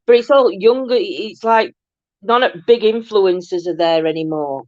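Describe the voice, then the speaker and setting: A woman's voice: medium pitch, unhurried, darkish tone, no room sound. A woman hosting a casual live-stream chat, rambling along and laughing often. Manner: rambling, chatty, breaks into frequent laughter. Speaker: host. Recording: dull, dry lo-fi sound.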